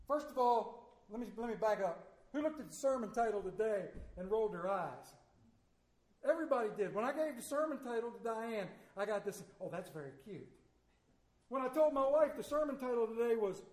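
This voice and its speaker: High-voiced folksy pastor in echoey church. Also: male voice, lively intonation, normal speed, darkish tone. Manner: folksy storytelling with emphatic swings. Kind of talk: sermon. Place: church sanctuary.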